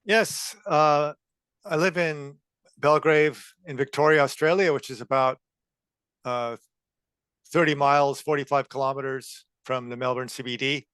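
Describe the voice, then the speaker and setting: A man in his fifties from California, a copywriter answering interview questions in a measured way. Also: on the high side, steady tone, fairly bright tone, clean tone, no echo. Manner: measured, with frequent uh fillers. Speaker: guest, copywriter.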